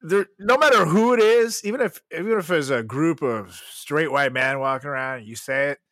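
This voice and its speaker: A man's voice: on the high side, normal speed, fairly bright tone, dry recording. A young man co-hosting a podcast in casual chat, joking and laughing, often mimicking other voices. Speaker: podcast co-host.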